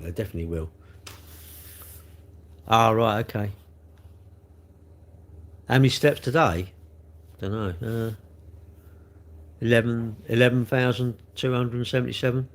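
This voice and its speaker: Chatty South London man in his sixties. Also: on the low side. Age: 60s. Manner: rambling, chatty, full of tag questions. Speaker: livestream host. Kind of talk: casual livestream chat reading comments.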